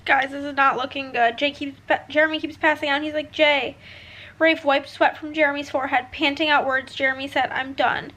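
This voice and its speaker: A woman's voice: high-pitched, fairly even intonation, brisk, sharp tone, rough recording. A young woman book vlogger reading passages aloud and reacting emotionally in a casual vlog. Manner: emotional, gushing, reads quotes then reacts.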